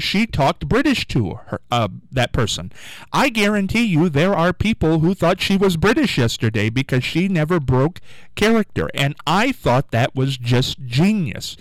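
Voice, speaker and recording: Man, radio talk host, casual rambling chat, lively pitch, dry close sound. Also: no room sound, poor audio. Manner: chatty, rambling, repeats himself.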